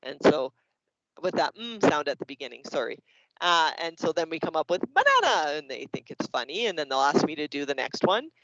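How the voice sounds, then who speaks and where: A Canadian man with a slightly high voice walks other teachers through classroom activities, acting out little scenes as he goes. The call audio is dry and dull, with a lo-fi edge. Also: no room sound. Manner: lively, acts out classroom examples. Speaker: teacher presenting to educators. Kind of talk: explanatory workshop presentation.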